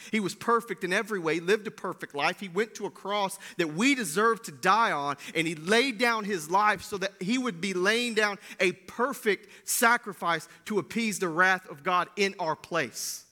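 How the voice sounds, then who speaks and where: A man preaching a sermon, swinging between loud bursts and hushed lines, often asking "right?". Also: high voice. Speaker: pastor.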